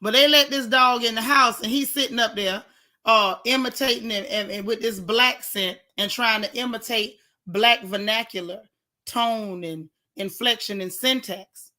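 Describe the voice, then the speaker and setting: A woman's voice: a little high, moderate pace, pushed and bright. A woman vlogger giving casual commentary on celebrity gossip, indignant and sarcastic, talking straight to her viewers.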